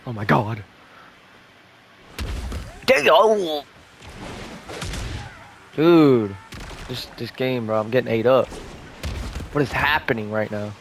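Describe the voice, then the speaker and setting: A young man giving live, excitable commentary over his own gameplay, swearing and shouting at sudden plays. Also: medium pitch, moderate pace, a little hiss or hum. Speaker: gaming YouTuber.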